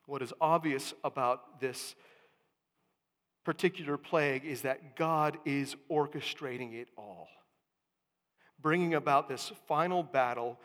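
Slow-preaching pastor in a reverberant hall. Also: male voice. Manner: dramatic swings from hushed to booming. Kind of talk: sermon. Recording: long church reverb.

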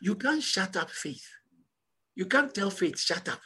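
A man preaching a sermon as pastor, emphatic and repetitive, building to loud call-and-response peaks. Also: high voice, very animated, normal speed, husky.

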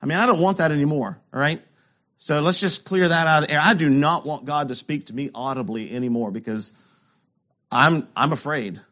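High-voiced man preaching emphatically. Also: brisk. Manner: emphatic, rhetorical questions, swings between loud and hushed. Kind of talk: sermon.

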